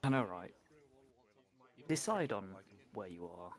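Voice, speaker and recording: A man's voice: low-pitched, sing-song, unhurried. A man telling sweary, rambling anecdotes to friends in a casual game voice chat. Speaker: player in voice chat. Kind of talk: casual storytelling.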